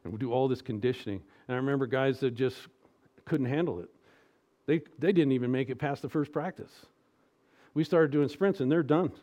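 A middle-aged male pastor delivering a sermon, moving between hushed, almost whispered reassurance and loud, emphatic exhortation. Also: medium pitch, fairly quick.

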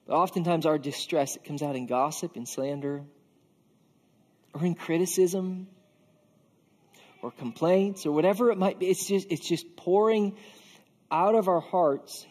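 High-voiced preacher in a long-reverb hall. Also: male voice, a little slow, long pauses, darkish tone. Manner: casual and earnest, with frequent filler "like". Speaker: pastor. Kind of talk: conversational sermon.

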